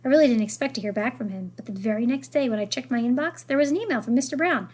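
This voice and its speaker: A woman reading a children's novel aloud in an expressive storytelling manner. Her voice is on the higher side and slightly breathy. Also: fast talker. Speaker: reader.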